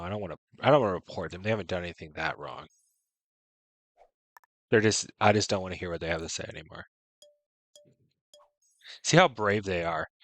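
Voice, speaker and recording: A man's voice: low voice, a bit bright, dry recording. A man streaming a strategy game, giving frank, chatty commentary full of "right?" and "you know". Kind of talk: casual gameplay commentary.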